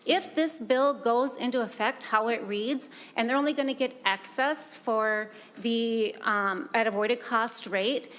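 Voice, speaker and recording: A woman's voice: a little high, measured pace, few pauses, fairly bright tone. Emphatic woman testifying at a hearing. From Minnesota. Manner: earnest, emphatic, repeats key points. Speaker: solar business owner testifying. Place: legislative hearing room.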